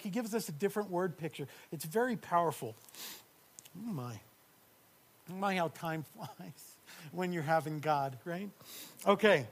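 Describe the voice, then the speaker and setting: A man preaching a sermon, moving from quiet, hushed passages to loud, shouted high points. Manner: dynamic preacher, swings from hushed near-whispers to loud shouted climaxes. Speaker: pastor.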